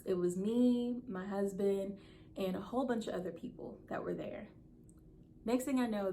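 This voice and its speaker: A woman in her thirties shares a personal story to camera, earnest and emotional. Her voice sits at a middling pitch with a steady gravelly fry running through it. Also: a little hiss or hum. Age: 30s. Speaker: content creator.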